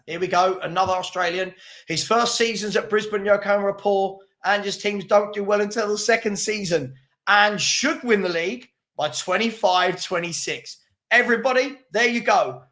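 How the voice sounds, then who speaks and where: A high-pitched man hosts a live fan stream from a home setup, reading out viewers' comments. He fires back at them in a combative, mocking way and repeats his points for effect. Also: fairly bright tone. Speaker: fan channel host.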